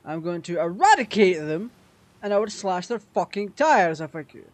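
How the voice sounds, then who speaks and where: A man's voice: sits high, very animated, no echo. Sweary man narrating his racing game. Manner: sweary, quick to rage at the game. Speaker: gaming channel host. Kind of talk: casual gameplay commentary.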